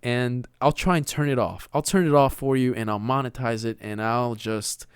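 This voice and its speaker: A man's voice: medium pitch, steady tone, normal speed, few pauses, clean tone, no echo. Young Texan man rambling casually, dry sound. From Texas. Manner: rambling, slangy, keeps saying dude and man; slips into a put-on showy voice. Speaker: podcast host. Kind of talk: solo casual monologue. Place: his own room.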